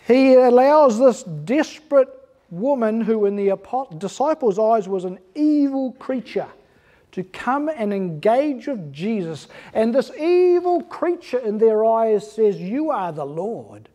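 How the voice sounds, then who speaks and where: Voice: mid-range voice, lively intonation, a little slow, mellow. A pastor preaching an earnest, emphatic sermon in church, asking the congregation rhetorical questions.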